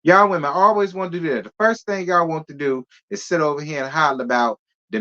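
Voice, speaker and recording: A man's voice: fairly high pitch, animated, a little fast, pushed and bright, highs cut off. A man giving casual celebrity gossip commentary, sassy and talking straight to his viewers.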